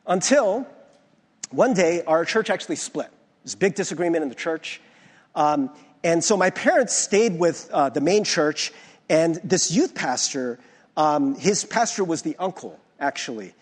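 A young adult American pastor tells personal stories in a conversational sermon, restarting often, in a church sanctuary with long hall reverb. His voice is a little high and expressive, at normal speed, with a breathy edge.

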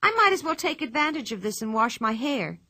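A woman's voice: on the high side, big pitch swings, brisk, sharp tone, pitched above the performer's own voice, exaggerated voice. A woman voicing a wild, cheerful, boastful girl who talks playful nonsense as plain fact, in a storybook reading. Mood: huffy.

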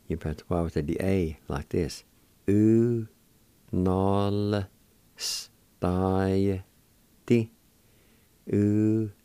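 Low-voiced guy on a radio lesson, slow and careful, sounding out each syllable, dry close sound. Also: warm tone, no room sound. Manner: spells out and repeats words syllable by syllable. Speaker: radio host teaching words.

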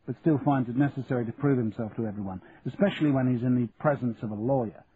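Casting: man doing a crisp, deferential young lawyer, tinny lo-fi recording with faint hiss. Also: medium pitch, natural voice.

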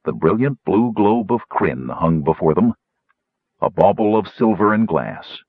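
A man reading a fantasy story aloud, narrating lively and putting on higher voices for the characters. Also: a little slow, no room sound, phone-quality sound. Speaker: audiobook narrator.

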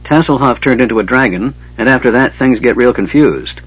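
A man voicing a big, steady male warrior in an audiobook reading, on lo-fi cassette tape. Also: mid-range voice, a little fast, husky, close to an everyday voice. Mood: reassuring.

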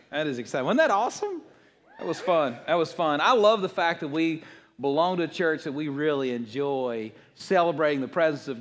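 Lively pastor preaching to his congregation. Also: a little high. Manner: lively, playful, addresses congregation directly. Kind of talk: sermon. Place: church auditorium.

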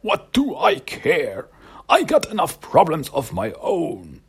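A man's voice: fairly high pitch, wildly swooping pitch, slow pace, vocal fry, breathy edge, pitched above the performer's own voice, full character voice. A man putting on a cranky old man's voice, grumbling and dismissive. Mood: grumpy. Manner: grumpy, dismissive.

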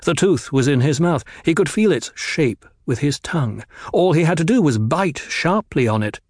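A man whose voice sits fairly high narrates an audiobook in an even, measured style. It's studio quality, with no room sound.

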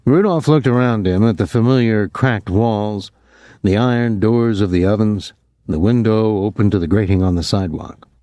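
A man giving calm, measured scripted narration of a novel. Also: on the low side, no room sound.

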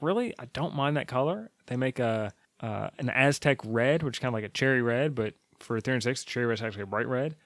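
A man's voice: medium pitch, lively intonation, quick pace, fairly bright tone, dry recording. A man rambling casually on his own, chatty and opinionated, with frequent fillers and asides.

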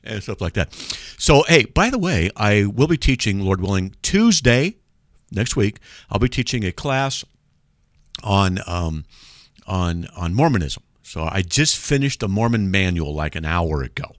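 A man's voice: lowish voice, big pitch swings, measured pace, no room sound. A man hosting a casual radio call-in show, joking and laughing at himself as he talks to listeners from the studio. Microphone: studio microphone.

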